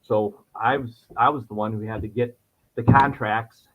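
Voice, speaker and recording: A middle-aged man talks on and on as a podcast guest, circling back and restarting his thoughts. His voice sits at an ordinary pitch for a man. The recording sounds muffled and lo-fi. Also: steady tone, normal speed, slight background noise. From New York. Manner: talkative, rambling, restarts a lot. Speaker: insurance agent, podcast guest. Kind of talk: casual interview chat. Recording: dull lo-fi sound.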